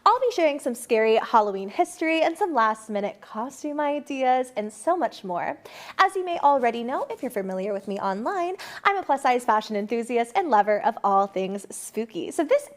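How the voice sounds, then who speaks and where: A woman's voice: on the high side, big pitch swings, moderate pace. Bubbly, giggly woman hosting a live show. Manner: bubbly and giggly, lots of laughter. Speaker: co-host of a live online show. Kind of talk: upbeat scripted live-stream hosting. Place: mansion.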